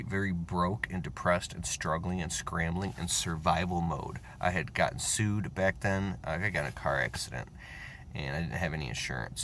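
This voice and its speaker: A man in his thirties talking casually in a profane, rambling, animated monologue, with whispered asides. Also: sits low, slight background noise. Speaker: self-help vlogger.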